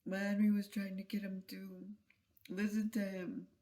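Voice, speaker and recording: A vlogger retelling a story in a soft, halting, emotional way, with trailing phrases and whispered asides. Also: medium pitch, level tone. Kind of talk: casual spoken vlog retelling.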